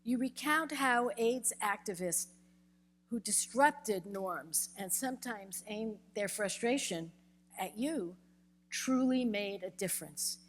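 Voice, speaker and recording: A woman's voice: mid-range voice, lively intonation, slow pace. Older lady interviewer, emphatic and earnest, echoey hall. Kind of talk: onstage interview.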